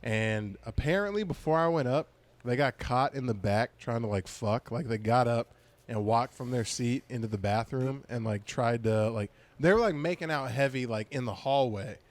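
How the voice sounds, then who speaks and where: A man's voice: mid-range voice, moderate pace. A man co-hosting a comedy podcast, telling a stand-up story in casual chat and acting out the people in it. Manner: animated, acts out quotes loudly.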